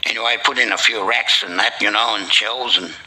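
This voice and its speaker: A man's voice: fairly low pitch, brisk, bright, forceful tone, rough recording. An older Australian man telling a string of jokes in a rambling yarn-spinning way, chuckling at his own punchlines. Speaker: joke teller. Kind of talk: casual joke-telling.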